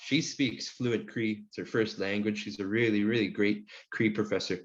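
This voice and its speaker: A man teaching an online language class, answering questions in a relaxed, friendly way with many fillers. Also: on the low side, normal speed. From Saskatchewan, Canada. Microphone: video call. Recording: muffled video call audio.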